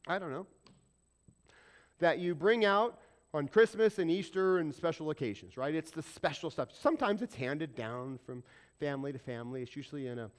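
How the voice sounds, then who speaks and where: A man preaching a sermon as pastor, animated and conversational, often putting questions to the congregation. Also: on the high side.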